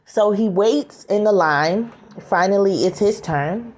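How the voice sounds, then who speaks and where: A woman casually retelling a story scene aloud, halting, with frequent fillers and restarts. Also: medium pitch, darkish tone.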